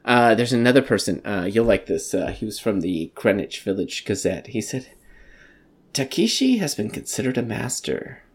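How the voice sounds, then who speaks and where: A man's voice: lowish voice, sing-song, moderate pace, husky. A man hosting a podcast, ranting profanely in casual movie review chat. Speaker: podcast host.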